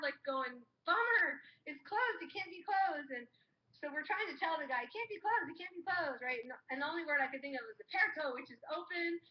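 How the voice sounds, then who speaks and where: A woman's voice: high-pitched, echoey room. A woman co-hosting a live stream, telling a rambling travel story with quoted voices. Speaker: co-host. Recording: dull lo-fi live stream audio with faint noise.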